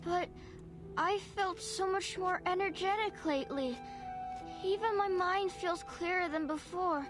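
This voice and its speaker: An actress playing a frail young woman disciple who speaks softly and weakly, in game audio. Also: very high voice. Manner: soft, slow, weak. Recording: game audio with background music.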